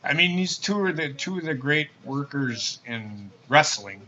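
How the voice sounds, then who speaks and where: A man's voice: a little high, animated, unhurried, pushed and bright. A man co-hosting a casual wrestling rewatch podcast, laid-back and profane, laughing often. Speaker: podcast co-host. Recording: dull lo-fi podcast audio.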